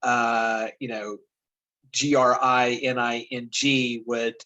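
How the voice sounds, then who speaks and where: A man casually talking through a spelling lesson, relaxed and halting, with many fillers and restarts. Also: mid-range voice, lo-fi sound. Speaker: teacher going through a lesson video. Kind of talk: casual spoken commentary.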